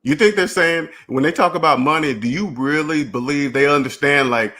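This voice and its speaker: A man's voice: on the high side, moderate pace, few pauses, sharp tone. A man hosting a finance channel, talking in a rambling, repetitive solo monologue and acting out imagined dialogues. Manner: repetitive, restarts phrases, emphatic.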